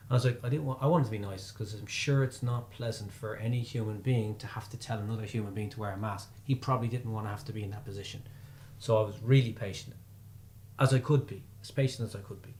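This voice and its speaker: A man's voice: on the low side, steady tone, fast, a little mellow, slight background noise. A man co-hosting a casual chat, telling a story animatedly and acting out both sides of the exchange. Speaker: podcast co-host.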